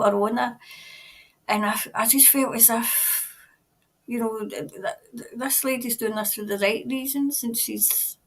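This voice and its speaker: A Scottish woman reads tarot and viewer comments on a casual livestream. Her voice is fairly high, creaky, and a bit bright, and she rambles chattily, laughing often and peppering her talk with "like" and "you know."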